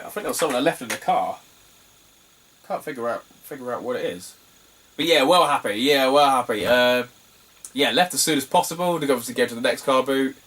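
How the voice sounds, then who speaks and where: A man's voice: mid-range voice, far from the mic, noisy background. A young British man chatting casually about his game finds, rambling and laughing often. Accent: British English. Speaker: retro game collector vlogger. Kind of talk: casual chat.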